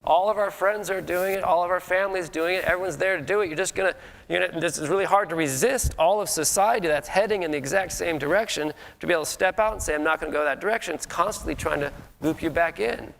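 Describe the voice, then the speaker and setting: A man's voice: high voice, fast talker, gravelly, a bit bright, a little hiss or hum. A middle-aged man from Colorado giving a conversational sermon, often acting out people's inner voices. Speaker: guest minister. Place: church sanctuary. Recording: long hall reverb.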